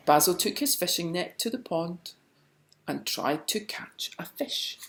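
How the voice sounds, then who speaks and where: A woman reading a picture book aloud, slowly and expressively. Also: on the low side, gravelly. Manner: slow and expressive. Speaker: storyteller. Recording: roomy echo.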